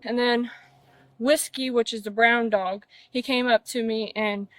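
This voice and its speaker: Upset nineteen-year-old woman, higher voice. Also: steady tone, measured pace, no echo, rough recording. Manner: emphatic, upset, blunt swearing. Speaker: witness in a police call. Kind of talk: agitated recounting of a fight. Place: outdoors at a residence. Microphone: officer's body camera.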